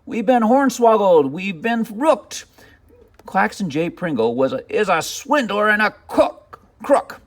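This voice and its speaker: A man voicing an angry crowd of townsfolk in a storybook read-aloud, shouting in outrage. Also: high-pitched, big pitch swings, unhurried, pitched above the performer's own voice, exaggerated voice. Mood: outraged.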